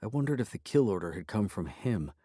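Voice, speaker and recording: A man narrating a first-person audiobook in a measured storytelling manner. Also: lowish voice, sing-song, warm tone, no echo, clean studio sound.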